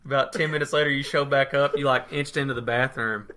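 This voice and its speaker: Male podcast co-host, bright tone, easygoing storyteller who chuckles a lot. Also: mid-range voice, steady tone, fast talker. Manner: laid-back, laughs through his story. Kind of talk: casual storytelling chat.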